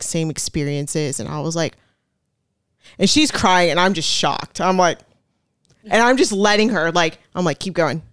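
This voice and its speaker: Lady guest on a podcast, lowish smooth voice, laughs a lot, says like all the time. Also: dry recording, studio quality. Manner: laughs often, chatty with many "like" fillers. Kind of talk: casual storytelling chat.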